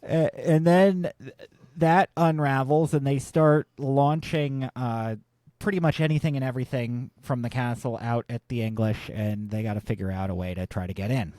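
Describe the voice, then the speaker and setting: An easygoing man co-hosting a laid-back film podcast, halting now and then as he talks. His voice is mid-pitched, and the sound is dry and close with no room echo. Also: steady tone, darkish tone. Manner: easygoing, halting, with fillers and restarts. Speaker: podcast co-host. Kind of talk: casual film discussion podcast.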